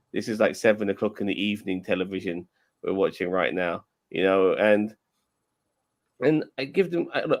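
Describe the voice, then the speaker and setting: A man co-hosting a casual podcast, blunt and opinionated, swearing freely. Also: mid-range voice. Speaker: podcast co-host. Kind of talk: casual chat.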